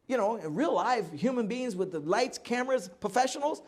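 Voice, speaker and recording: A man in his seventies, a guest at a live oral history event, telling stories from his life in an animated way and acting out both sides of each conversation. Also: very high voice, normal speed. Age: 70s. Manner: animated storyteller who acts out dialogue and laughs often.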